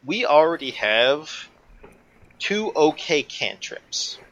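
A man's voice: fairly high pitch, big pitch swings, slow, fairly bright tone, dull audio. A man co-hosting a casual podcast chat, giving analytical, opinionated takes with a lot of "like". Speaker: podcast co-host. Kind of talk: casual chat about a card game.

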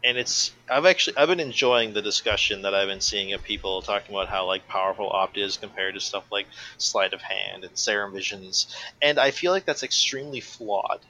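A man's voice: on the low side, brisk, pushed and bright, a little hiss or hum, poor audio. A man co-hosting a casual podcast chat, giving analytical, opinionated takes with a lot of "like". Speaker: podcast co-host. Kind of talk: casual chat about a card game.

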